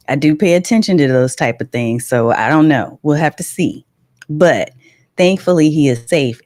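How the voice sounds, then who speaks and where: A middle-aged woman hosts a casual livestream in a low voice. She tells animated stories, laughs often and greets viewers in the chat. The sound is close and dry. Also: dry recording. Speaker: livestream host.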